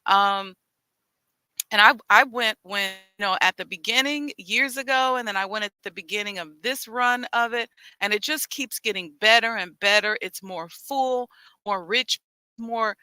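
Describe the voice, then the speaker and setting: Chicago woman host, very bright crisp voice, headset mic, dry sound. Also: mid-range voice, moderate pace, no echo. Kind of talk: live-streamed casual talk. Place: outdoors.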